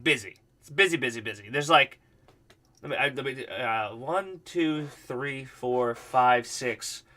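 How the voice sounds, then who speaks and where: Man, streamer host, casual profane storytelling, rambling, piercing bright tone. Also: mid-range voice. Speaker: livestream host. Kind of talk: casual chat.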